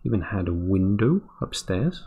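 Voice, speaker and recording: A man's voice: deep voice, sing-song, normal speed, warm tone, slightly rough, dull audio. A man streaming while he draws, chatting in a rambling, dry way and often cutting himself off. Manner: rambling, self-interrupting, dry. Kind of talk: casual chat while drawing.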